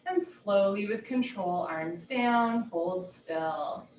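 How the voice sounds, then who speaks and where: A woman teaching a live yoga class from home, giving brisk, clipped posture cues with a light, playful touch. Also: medium pitch, a little mellow, a little hiss or hum. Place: home room. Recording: roomy echo, heard from a distance.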